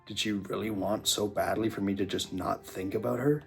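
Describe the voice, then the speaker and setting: A man playing through a visual novel, quietly reading the hero's lines aloud and breaking off into emotional reactions. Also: on the low side, fairly even intonation, moderate pace, gravelly, soft background music. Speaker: gaming YouTuber. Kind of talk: let's-play reading and reacting.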